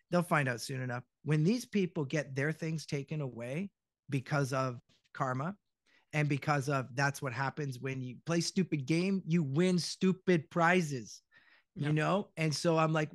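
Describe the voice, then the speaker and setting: Middle-aged guy, voice actor on a podcast, kinda high voice, acts out all the quotes, swears a lot, dry close sound. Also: no echo. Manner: animated storyteller, acts out quotes, swears freely. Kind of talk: casual podcast chat.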